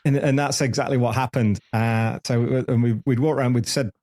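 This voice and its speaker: This fifty-something podcast host rambles through anecdotes in a candid interview, frequently starting his sentences over. His mid-range voice is steady, a little mellow, and fairly quick.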